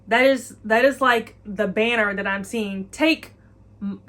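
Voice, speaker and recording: A woman speaking an intuitive channeling message to her viewers. She talks earnestly and encouragingly at a middle pitch, circling back to the same phrases again and again. She often slips into the listener's own imagined voice. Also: a little slow, fairly bright tone.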